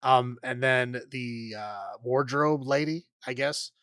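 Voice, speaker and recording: A man's voice: mid-range voice, slow pace, a bit bright, clean tone, no room sound, studio quality. A man hosting a podcast, recapping a film in a casual, rambling way full of fillers and frequent laughs. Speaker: podcast host.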